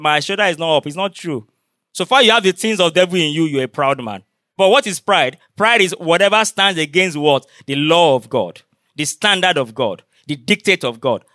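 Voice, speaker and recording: A man's voice: sits high, bright, forceful tone, no echo, studio quality. A man preaching a sermon to his congregation, throwing rhetorical questions at them and repeating his key phrases.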